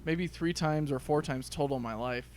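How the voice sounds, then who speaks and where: A man's voice: on the high side, normal speed, darkish tone, a little hiss or hum. A man co-hosting a podcast, chatting casually about a movie and laughing easily. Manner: chatty, corrects his co-host, laughs easily. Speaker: podcast co-host. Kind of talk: casual movie review chat.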